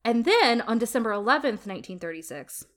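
A woman's voice: fairly high pitch, sing-song, a little fast, fairly bright tone. A woman co-hosting a podcast, recounting history in a chatty storytelling way with playful asides. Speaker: podcast co-host. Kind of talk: casual history chat.

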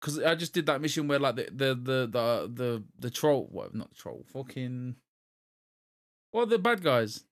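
A young man co-hosting a gaming podcast talks casually about video games in a sing-song, mid-range voice at a moderate speed. His talk rambles with many restarts, and he laughs at his own jokes.

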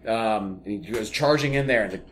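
A man co-hosting a podcast, telling stories in a casual, animated way with quick asides. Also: fairly low pitch. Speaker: podcast co-host. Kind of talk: casual chat.

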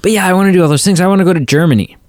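A man's voice: sits high, rapid-fire, dry recording, clean studio sound. A man co-hosting a casual movie podcast, rambling with lots of fillers and restarts. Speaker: podcast co-host.

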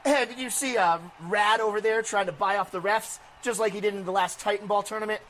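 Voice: medium pitch, fairly quick, fairly bright tone, a little hiss or hum, close to an everyday voice. A speaker voicing a sarcastic, sneering wrestling color commentator. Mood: snide.

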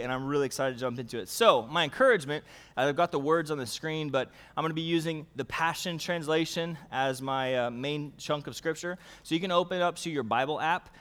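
Male pastor, high voice, lively and playful, mid-sermon, calls for responses. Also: long reverb tail.

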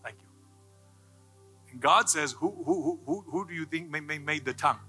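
Male pastor, playful preacher who builds to shouting; bright, slightly high voice. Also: normal speed, husky, soft background music, low-quality recording. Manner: jokey, builds to loud passionate preaching. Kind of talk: sermon.

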